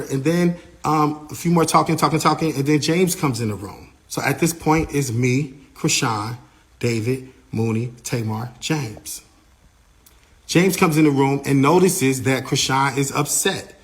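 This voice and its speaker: A man telling a story in the first person in a casual way, animated, acting out what others said and using lots of "like" fillers. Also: fairly high pitch, normal speed.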